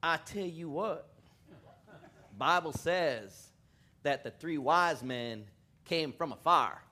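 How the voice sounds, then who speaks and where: A preacher doing a young boy's voice in a thick West Texas accent, slow and halting, for a joke in a sermon. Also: fairly high pitch, pushed and bright, heavily acted. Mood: folksy. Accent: West Texas, put on. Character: young boy with a thick drawl.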